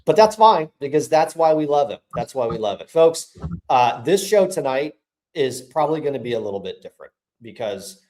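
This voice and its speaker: A man co-hosting a casual political podcast, talking in an animated, rambling way and swearing freely. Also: mid-range voice, normal speed, low-quality recording. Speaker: podcast co-host.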